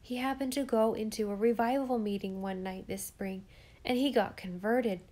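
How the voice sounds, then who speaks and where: A woman's voice: on the high side, fairly even intonation, moderate pace, mellow, natural voice. A woman reading the lines of a solemn, earnest young farm boy who talks in plain rustic speech. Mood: eager.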